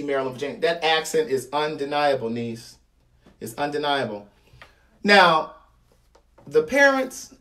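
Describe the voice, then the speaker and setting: A man's voice: on the high side, fairly bright tone, recorded from a distance. A man in his thirties with a Baltimore accent, giving a blunt, slangy commentary monologue, repeating points for emphasis. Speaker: vlogger.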